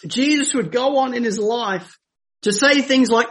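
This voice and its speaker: A man preaching a sermon, moving from hushed storytelling to emphatic, raised scripture quotations. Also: extremely high pitch, a little slow. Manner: dramatic, swings from hushed to emphatic when quoting scripture.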